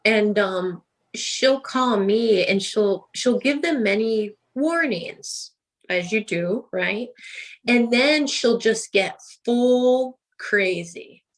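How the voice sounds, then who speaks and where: A woman guest on a podcast, chatting casually and telling lively stories with frequent laughs. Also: a little high, slow pace. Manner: laughs often, animated storytelling. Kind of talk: casual chat.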